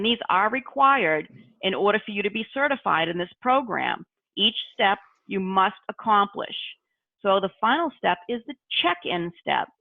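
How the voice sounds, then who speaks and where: A woman's voice: medium pitch, no echo. A woman training call intake staff on a video call, instructive and repeating key phrases. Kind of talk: online training session. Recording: tinny video-call audio, dry.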